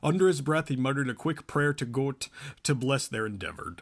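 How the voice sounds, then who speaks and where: A man's voice: medium pitch, animated, moderate pace. A man co-hosting a podcast, reading a novel aloud and often breaking off to laugh and joke. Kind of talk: casual chat and comic read-aloud.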